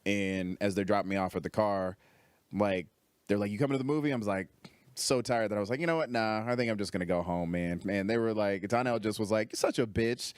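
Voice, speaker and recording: A young man with a low voice tells a story as a comedy podcast guest. He is animated and profane, and he leaps up in pitch when he imitates others. The sound is dry and close to the mic. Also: a little fast, clean tone, no echo. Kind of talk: casual storytelling.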